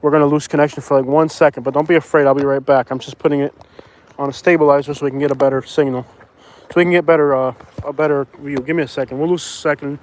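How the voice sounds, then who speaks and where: A man's voice: a little high, steady tone, fast, a little mellow. A man from Florida chatting casually on a live stream as he walks outdoors near a beach, rambling and repeating himself, recorded on a phone on a stabilizer. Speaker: vlogger hosting a live stream. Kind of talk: casual live-stream chat while walking.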